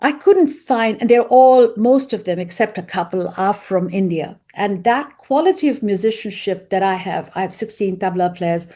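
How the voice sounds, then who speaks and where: A woman's voice: medium pitch, animated, moderate pace, hardly any pauses, warm tone. A woman composer on a video call, explaining her work earnestly, often correcting herself mid-sentence. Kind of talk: video call panel talk.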